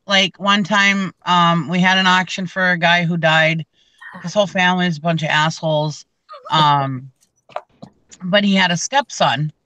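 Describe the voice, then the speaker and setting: A woman's voice: on the low side, bright, forceful tone, no room sound, rough recording. A woman hosting a casual chat, telling a long story with lots of fillers and restarts. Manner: rambling, many fillers and restarts. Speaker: reseller channel host.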